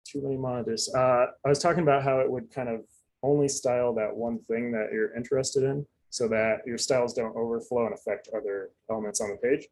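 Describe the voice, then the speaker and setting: A man's voice: medium pitch, fairly even intonation, a little fast, a little mellow, a little hiss or hum, poor audio. A man giving a casual live coding demonstration, chatty and loose, full of fillers and asides. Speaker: presenter.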